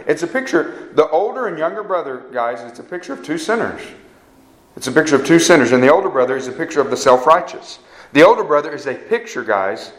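A man preaching a sermon in a conversational way, often repeating words and acting out quoted speakers. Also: mid-range voice. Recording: echoey room.

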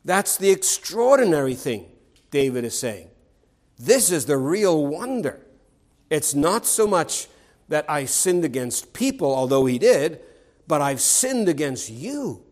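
A man's voice: on the high side, very animated, unhurried, a little mellow, low-quality recording. A man preaching a sermon in an earnest, emphatic way, stressing key words and often restarting phrases.

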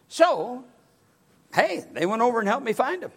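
An older man, a pastor, telling a personal story in a folksy, animated sermon. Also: very high-pitched, moderate pace, breathy edge.

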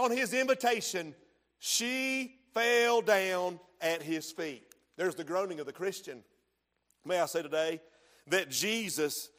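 A man preaching a sermon as pastor, swinging from hushed lines to shouts in a church sanctuary. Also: sits high. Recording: long hall reverb.

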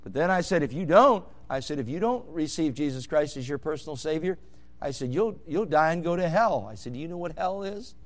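A man preaching a sermon, moving from quiet storytelling into loud, fervent hollering. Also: a little high, lively intonation, a little fast.

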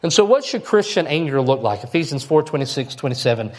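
Quick and sing-song, this pastor's fairly high voice delivers a sermon in a folksy, chatty manner. He keeps checking in with the congregation, tossing in "all right?" again and again.

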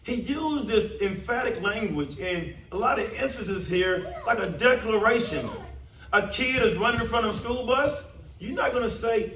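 Male pastor mid-sermon, higher voice, emphatic and repetitive, picked up from a distance. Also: lively intonation, moderate pace, fairly bright tone, a little hiss or hum. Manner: emphatic, repeats phrases for stress. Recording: roomy, distant mic, faint ambience.

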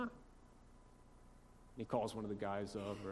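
Conversational preacher in a reverberant hall. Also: male voice, lowish voice, steady tone, normal speed, long pauses, slight background noise. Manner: conversational, asks rhetorical questions, swings between soft asides and loud emphasis. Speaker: pastor. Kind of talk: sermon.

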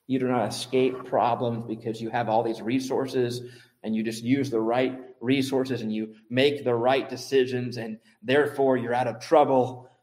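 A man preaching a sermon, building to high, emphatic peaks and repeating phrases for stress. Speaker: pastor.

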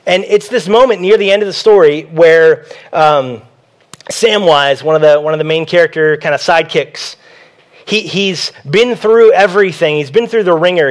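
High-voiced man preaching a sermon. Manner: conversational preaching that repeats key phrases. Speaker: pastor.

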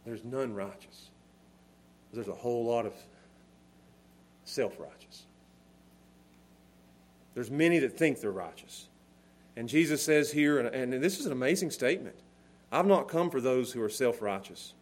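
A man preaching a sermon to a congregation in church, with a repetitive, emphatic cadence, swinging from hushed low tones to shouted emphasis. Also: animated, measured pace, long pauses, slight background noise. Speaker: pastor. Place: church service before a congregation.

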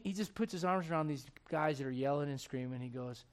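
A man's voice: on the high side, fast talker, few pauses, clear, resonant tone. A man, preaching a sermon in a conversational, storytelling way full of rhetorical questions.

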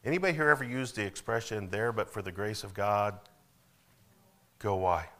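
A middle-aged man preaching with a deep voice and a forceful, bright edge. He stumbles over repeated words, calls out for amens, and builds his lines up to loud peaks. The delivery is a sermon throughout. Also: moderate pace. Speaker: pastor.

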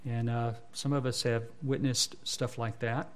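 A man's voice: mid-range voice, level tone, measured pace. A man, a pastor preaching an expository sermon. He talks to the congregation in a conversational way and builds to fervent emphasis.

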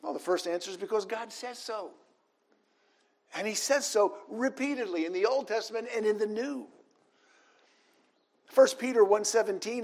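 A man's voice: sits high, normal speed, long pauses. A man preaching a sermon, reading scripture passages aloud in an earnest manner.

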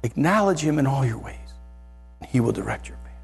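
Husky, animated preacher man. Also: medium pitch, brisk, soft background music. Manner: animated, keeps asking "right?". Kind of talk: sermon.

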